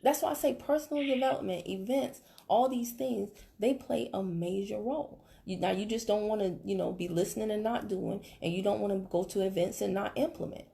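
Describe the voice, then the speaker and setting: A woman coaching a team member on a call, talking in an animated way, laughing and acting out quotes. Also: mid-range voice, brisk, gravelly, hardly any pauses. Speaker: business coach.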